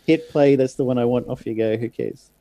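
A man's voice: mid-range voice, fairly quick, dark tone. A man chatting casually on a podcast and making wry, joking asides. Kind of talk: casual chat.

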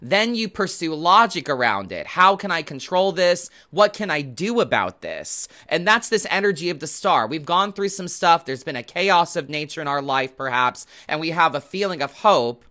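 A man with a somewhat high, very bright voice talks viewers through a tarot reading. He rambles in a loose, chatty way and lets the odd curse slip. His tone is casual and conversational. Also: very animated, moderate pace, hardly any pauses. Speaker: host and tarot reader.

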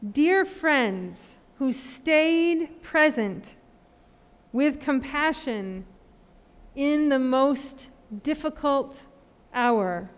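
A woman pastor delivers her sermon in a high, clear voice. She speaks very slowly and leaves long pauses between phrases. Her words trail off into the long reverb of a large church. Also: animated. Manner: slow, measured preaching with long pauses. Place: church sanctuary.

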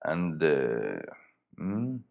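Very deep-voiced Swedish storyteller. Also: male voice, wildly swooping pitch, gravelly, a little mellow. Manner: halting, plain wording, many fillers. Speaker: podcast storyteller. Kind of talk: reading a story aloud.

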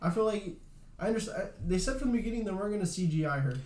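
A man's voice: high-pitched, expressive, racing, a little mellow. A young man chatting casually as co-host. He rambles, fills his speech with "like" and swears freely. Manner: rambling, swears a lot, says "like" often. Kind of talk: casual chat. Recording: roomy echo.

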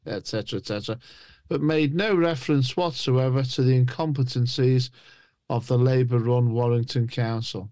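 A man on a podcast panel making his points in measured, deliberate commentary. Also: mid-range voice, a little mellow, no echo. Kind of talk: political commentary.

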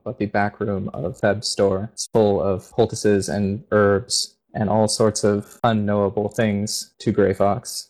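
A man with a low voice runs a tabletop game as game master. He narrates scenes in a steady, descriptive way. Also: low-quality recording.

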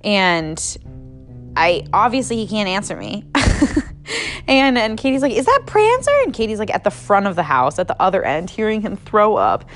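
This young adult woman tells stories on a casual podcast in a mid-range, animated, slightly bright voice at a moderate pace. She's chatty and unfiltered, leans heavily on "like" and other fillers, and swears freely over a faint music bed.

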